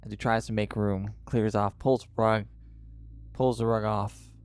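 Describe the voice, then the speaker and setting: A man narrating a tabletop game as game master, in a dramatic, drawn-out style with pauses. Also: lowish voice, level tone, a little mellow, smooth, no room sound.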